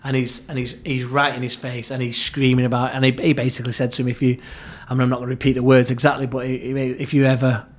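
A middle-aged man, a former football club therapist, tells stories as a podcast guest. He acts out quoted lines, often restarts his sentences and turns low and hushed at tense moments. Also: little pitch movement, racing, few pauses. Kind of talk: anecdotal storytelling in an interview.

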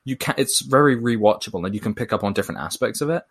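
A man talking in a relaxed conversation. He sounds thoughtful and measured, hedging his points with fillers as he goes. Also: mid-range voice, breathy edge. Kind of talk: casual conversation.

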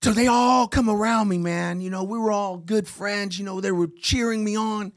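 A man's voice: high voice, normal speed, no room sound, studio quality. A middle-aged man, an interview guest telling stories in casual talk and acting out the people he quotes. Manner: animated storyteller acting out quoted dialogue.

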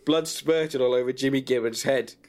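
A man reading a crude comic story about himself in a deadpan way and breaking into laughs. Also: mid-range voice, moderate pace.

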